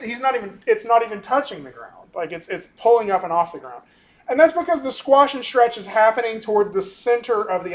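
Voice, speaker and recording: A male animation instructor lecturing casually through a software demo, often ending points with "right?" and pausing on "um". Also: high-pitched. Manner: casual, talkative, keeps tagging on "right?"; frequent ums and restarts. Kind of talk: recorded class lecture with screen demo.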